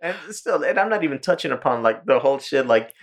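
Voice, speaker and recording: A man's voice: mid-range voice, lively intonation, quick pace. A man co-hosting a podcast, casually recapping a cartoon episode, swearing freely and quoting the characters in a raised voice between laughs. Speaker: podcast co-host.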